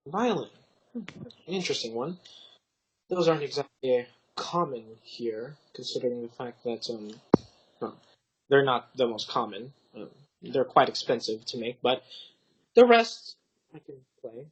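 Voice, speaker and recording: A man's voice: medium pitch, sing-song, a little slow, pauses often, breathy edge, rough recording. A man voicing a curious young woman adventurer. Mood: friendly. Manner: hesitant, improvised in-character speech.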